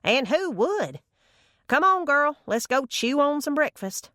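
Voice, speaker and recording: A woman voicing a lively, commanding elderly grandmother in an audiobook, talking in a breezy way. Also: high voice, a little slow, dry recording, studio quality, pitched above the performer's own voice, full character voice. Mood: brisk.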